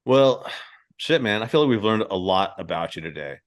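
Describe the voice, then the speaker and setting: Profane, laughing podcast host. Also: male voice, fairly low pitch, expressive, normal speed. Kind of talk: casual chat.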